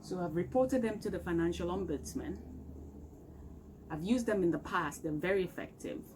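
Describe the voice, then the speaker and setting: Indoors in a room at home, a woman vlogs an exasperated, emphatic complaint straight to camera. She speaks at a normal speed in a fairly low voice, while faint street sounds drift in from outside.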